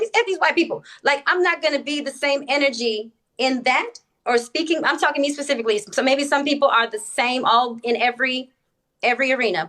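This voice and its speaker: A woman speaking deliberately with many filler words, talking into her phone during a live-stream debate. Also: sits high, a bit bright. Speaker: TikTok live guest.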